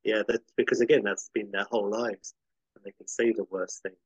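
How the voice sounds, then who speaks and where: Husky-voiced man on a hesitant podcast chat. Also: on the low side, steady tone, a little fast, dry recording, lo-fi sound. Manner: thoughtful, hesitant, with many ums. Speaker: podcast co-host. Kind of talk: casual chat.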